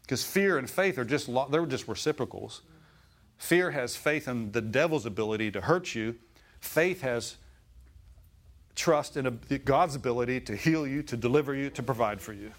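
In church, a middle-aged man delivers a folksy, animated sermon, chuckling often and calling out for amens. His voice sits at a medium pitch and moves at a normal speed.

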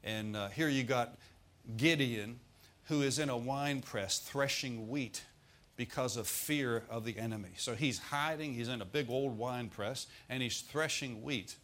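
A man's voice: mid-range voice, a little slow, fairly bright tone. A male preacher with a drawl delivers a sermon in a folksy, joking manner. He tells the story with plenty of asides to the congregation.

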